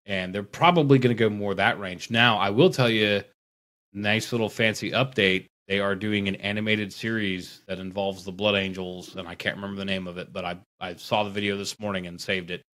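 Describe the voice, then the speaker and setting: A man chatting casually on a podcast about wargaming, talking in a rambling, animated way. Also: lowish voice, brisk. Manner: rambling, animated, mocking impressions. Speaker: podcast guest; tattoo artist.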